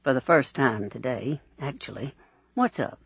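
Jovial senior bishop, warm banter, lively delivery, read by the narrator; dry, lo-fi. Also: male voice, mid-range voice, unhurried, vocal fry, husky, no room sound, voice pushed down, exaggerated voice. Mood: wry. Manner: hearty, warm, teasing. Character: jovial older male bishop, old friend.

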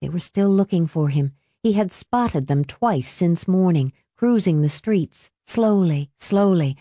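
A woman reading a novel aloud in a measured, expressive narration. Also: low-pitched, no echo, studio quality. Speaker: audiobook narrator. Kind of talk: scripted narration.

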